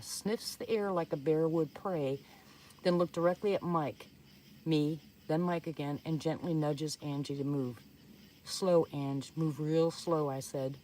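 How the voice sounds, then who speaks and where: A woman's voice: low-pitched, darkish tone, a little hiss or hum. A woman reading a first-person story aloud, in an earnest, suspenseful telling with small slips. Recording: voice somewhat distant from the mic.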